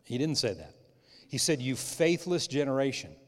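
A middle-aged man preaching in a church, his voice sitting at an ordinary pitch. He talks conversationally, restarting phrases, then rises to loud, emphatic bursts before dropping to quiet asides. A long reverb hangs on every word. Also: sing-song, normal speed. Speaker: pastor. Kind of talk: sermon. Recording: long reverb of a large hall.

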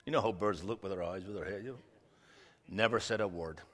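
Guest preacher, man in his 50s: joking, storytelling sermon, loud-to-soft swings, long church-hall reverb. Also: on the low side, a little fast. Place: church sanctuary.

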